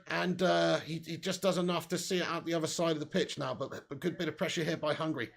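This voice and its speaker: A young man hosts a live football watch-along, calling the play and reading out viewer comments. His voice sits a little high, with a gravelly edge. He is chatty and laughs easily. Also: fairly even intonation, quick pace. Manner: chatty, laughs often, reads out chat comments. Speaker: host.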